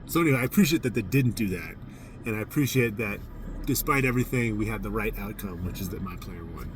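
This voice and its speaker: Candid judo coach telling a story, distant mic. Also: male voice, lowish voice, quick pace, slight background noise. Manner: candid, self-mocking, animated when recounting his outbursts. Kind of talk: casual spoken storytelling.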